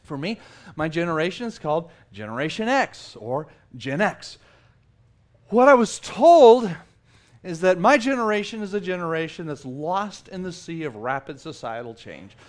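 Man, 40s, South Texas native, high-pitched, lively conversational preacher. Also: normal speed. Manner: animated and conversational, with self-mocking humor and repeated restarts. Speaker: pastor. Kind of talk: sermon.

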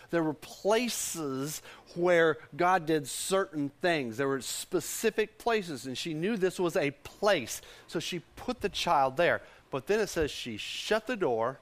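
A man preaching a lively sermon in a high, animated voice. His pitch swings widely as he leads the congregation, repeating lines for them to echo back. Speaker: pastor.

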